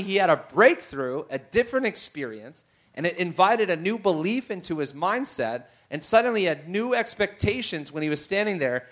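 A middle-aged man preaching a sermon, telling a personal story with animated bursts and occasional shouts. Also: high-pitched.

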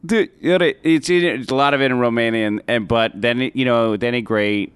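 A man, a comedian hosting a podcast, telling a story in a casual, animated way, laughing and correcting himself. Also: mid-range voice, moderate pace, clean tone, no room sound, studio quality. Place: podcast studio.

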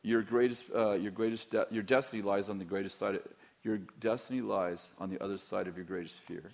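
A man's voice: on the low side, fairly even intonation, brisk, creaky, darkish tone. A middle-aged man, a pastor, talking candidly in a Q&A with a rambling, teasing manner and frequent restarts. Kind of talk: candid Q&A talk to a church audience.

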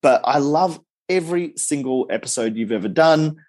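A man with an Australian accent, a guest on a casual podcast, speaking at length in a warm, grateful, effusive way over a remote call. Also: fairly high pitch, lively intonation, normal speed. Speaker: guest commentator.

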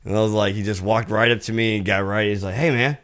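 Low-voiced laid-back man chatting. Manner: relaxed, halting, full of fillers and restarts. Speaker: podcast co-host. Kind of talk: casual chat.

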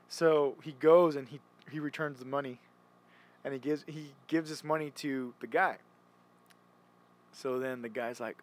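A man's voice: mid-range voice, steady tone, normal speed. A young man chatting casually, rambling and restarting often as he retells stories. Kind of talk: casual chat.

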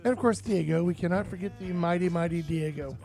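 High-voiced joking radio host. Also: male voice, fast, vocal fry, a little mellow, faint music behind. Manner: joking, reads sponsor plugs and call-in number. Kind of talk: live outdoors radio talk. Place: radio studio.

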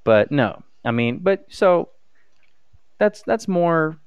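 A young man, a student, chatting casually in a halting, hesitant way, with many restarts and fillers. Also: a little high, very animated, clear, resonant tone, dry recording, muffled recording. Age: young adult. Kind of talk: casual chat.

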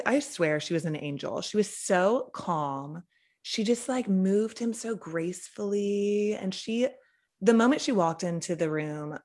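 A young woman, a podcast guest, telling a personal story in a chatty way, saying "like" often. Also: fairly low pitch. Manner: chatty, heavy use of "like".

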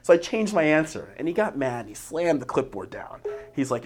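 A man in his forties, a guest in an interview, telling a story and acting out both sides of the dialogue in a lively way. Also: medium pitch, normal speed, soft background music. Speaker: interview guest, former agent.

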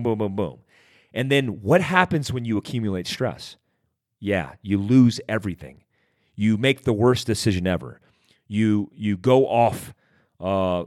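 A man's voice: on the low side, no echo. Dry, close-miked man giving motivational talk. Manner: direct, conversational, repeats for emphasis. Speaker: podcast host.

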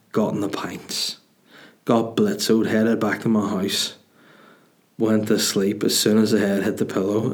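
A man with a Northern Irish accent and a lowish, slightly mellow voice hosts a comedy podcast, delivering a rambling comic monologue. His stories are crude, meandering and full of swearing.

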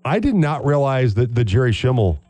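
A man's voice: medium pitch, very animated, brisk, warm tone. A man hosting a sports radio talk show, chatting easily with guests in a studio. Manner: easygoing, with frequent fillers. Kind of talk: casual sports radio chat. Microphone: studio microphone.

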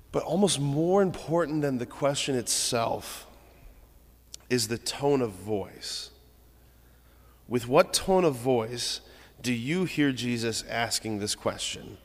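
Male preacher, casual reflective homily, middle pitch, long church reverb. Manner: conversational, reflective, with restarts.

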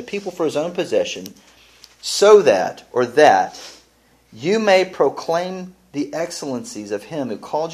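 A man leading a casual Bible study, teaching with many restarts and reading verses aloud. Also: medium pitch. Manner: animated, restarts often, reads scripture aloud.

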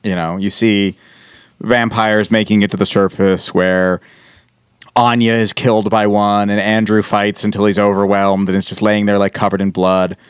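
A man on a casual podcast, retelling a TV episode in animated bursts and quoting the characters as he goes. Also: fairly low pitch, normal speed, smooth, no room sound, clean studio sound. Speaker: podcast host. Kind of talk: casual chat recapping a TV episode.

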